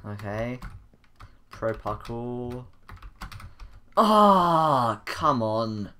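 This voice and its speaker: A man's voice: mid-range voice, very animated, drawn-out words, sharp tone, slight background noise. A man giving gameplay commentary, frustrated and self-mocking as he plays. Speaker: gamer.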